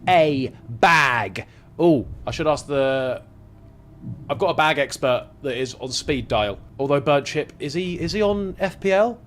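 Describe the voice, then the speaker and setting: Excitable young man streaming. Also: on the high side, a little slow, slight background noise. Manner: excitable, jokey, swearing freely. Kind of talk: casual live-stream gaming commentary.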